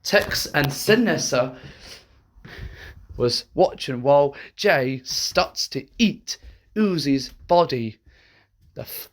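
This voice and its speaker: Slow, halting horror storyteller. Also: medium pitch. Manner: halting, with restarts. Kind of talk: amateur horror story narration.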